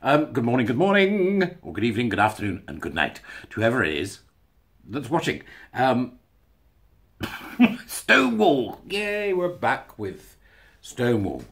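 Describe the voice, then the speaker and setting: A man's voice: medium pitch, very animated, normal speed, fairly bright tone, breathy edge. A man talking to camera in a casual commentary monologue, sarcastic and chuckling between remarks. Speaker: video blogger.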